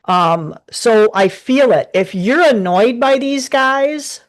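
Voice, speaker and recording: Slow, animated, and on the high side, this woman's voice carries a relaxed live tarot reading from her home desk. She talks in a meandering, chatty way and keeps restarting her sentences.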